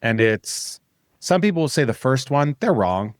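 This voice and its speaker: A man's voice: mid-range voice, sing-song, no room sound, clean studio sound. A man co-hosting a podcast, casually chatting with wry, opinionated remarks. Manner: wry, opinionated, quick jokes. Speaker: podcast co-host.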